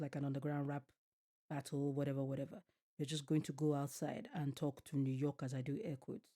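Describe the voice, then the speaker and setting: A woman streamer reacting to a TV show, ranting and swearing at the screen in casual chat. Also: sits low. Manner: animated, swearing, rants at the screen. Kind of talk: casual profane reaction rant. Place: home at night.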